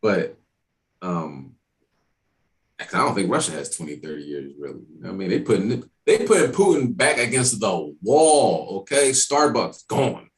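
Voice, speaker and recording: Lively, streetwise male Bible class teacher. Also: lowish voice, moderate pace. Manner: conversational, streetwise, animated asides. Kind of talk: casual teaching talk.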